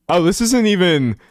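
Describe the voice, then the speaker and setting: Clean studio sound and a dry recording capture a high-voiced man hosting a livestream at his home setup. Speaking into a streaming microphone, he rants casually, laughing often and rambling with restarts.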